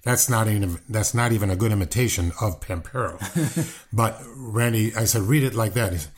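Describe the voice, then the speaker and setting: Blunt, profane older man, lowish voice. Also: a little fast. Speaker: wrestling guest, brother of the subject. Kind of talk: casual interview talk.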